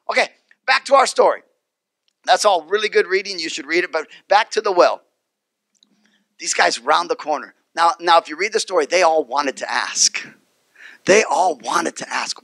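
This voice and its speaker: A male pastor preaching with a bright, forceful voice that swoops widely up and down, roughened by some gravel. He tells the story animatedly, acts out each person in it and repeats his key phrases. The sound is close and dry. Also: sits high, lively intonation, moderate pace, no echo. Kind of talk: sermon.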